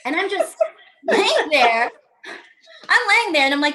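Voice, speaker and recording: A woman performing a raunchy stand-up set over a video call, telling stories in a brash, animated way. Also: high voice, a little slow, pauses often. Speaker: stand-up comedian.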